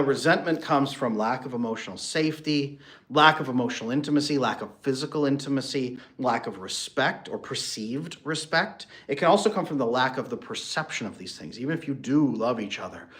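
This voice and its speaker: A man gives marriage advice in a direct, emphatic monologue, like a relationship coach speaking to his audience. His voice sits at an ordinary middle pitch. He leans on repetition and rhetorical questions to drive his points home. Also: a bit bright. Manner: emphatic, rhetorical questions, acts out quoted partners.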